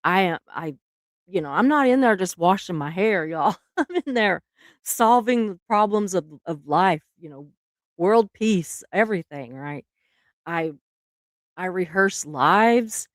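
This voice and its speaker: A woman's voice: on the low side, expressive, a little slow, no echo, clean studio sound. A middle-aged woman, hosting a casual live stream, chatty and laughing often, trailing off mid-sentence.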